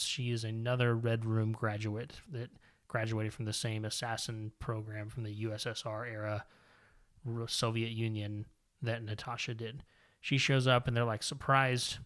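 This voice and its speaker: A man's voice: mid-range voice, a bit bright. A man co-hosting a comic book podcast, recapping the story in a casual, rambling way with many fillers and self-corrections. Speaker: podcast co-host.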